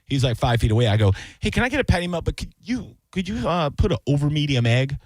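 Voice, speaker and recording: A man co-hosting a casual radio aftershow, telling animated stories and acting out quotes. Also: a little high, quick pace, dry recording, studio quality. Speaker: radio show co-host. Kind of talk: casual radio chat, storytelling.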